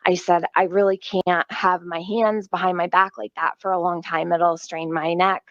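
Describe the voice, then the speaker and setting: A woman tells a story in a played clip, animated and profane, voicing the quotes as she goes. The sound is dull and dry, with a muffled top end. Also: lowish voice, normal speed, dry recording.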